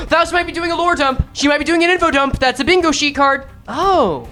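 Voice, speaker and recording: A young woman streaming a game, chatting with her viewers in an excitable, casual way. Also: brisk, few pauses, faint music behind. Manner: excitable, talks to chat, jumps into high exclamations. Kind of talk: casual live-stream chat.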